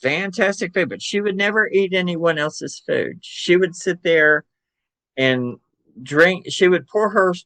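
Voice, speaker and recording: An older man with a Southern American accent, telling animated family stories as a podcast guest and acting out voices. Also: sits high, a little slow, no room sound. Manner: animated storyteller who acts out relatives' voices. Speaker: podcast guest, psychic medium and author. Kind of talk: casual storytelling interview.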